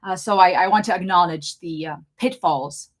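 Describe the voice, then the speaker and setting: A young adult woman with a slight German accent, hosting a live Q&A in an excitable, fast-talking, chatty way. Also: lowish voice. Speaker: channel host doing a live Q&A. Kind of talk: casual live-stream chat.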